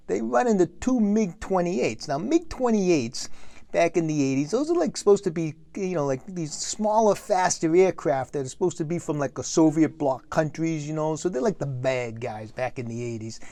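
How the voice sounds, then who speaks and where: A man's voice: a little high, animated, moderate pace, warm tone, no echo. A man playing a wise-guy movie critic, recapping a film in a rambling way with lots of fillers. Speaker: comic movie reviewer.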